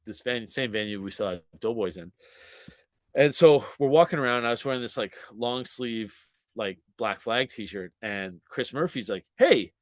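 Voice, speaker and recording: A man's voice: mid-range voice, dry recording. A man in his forties, a podcast guest telling a story in casual chat, swearing freely, laughing often and acting out what people said. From Canada. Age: 40s.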